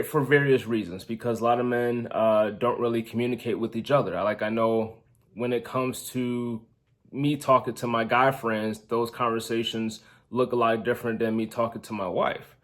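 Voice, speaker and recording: A young adult man, a relationship coach, talking earnestly to camera from his notes and acting out everyday examples. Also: mid-range voice. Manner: earnest, reads from notes, repeats points with quoted examples. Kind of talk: casual talk to camera.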